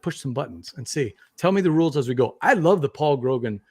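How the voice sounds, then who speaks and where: A man hosting a casual live board-game show, talking in a relaxed, rambling way. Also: medium pitch, brisk, husky. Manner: relaxed, rambling, frequent restarts. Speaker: podcast host.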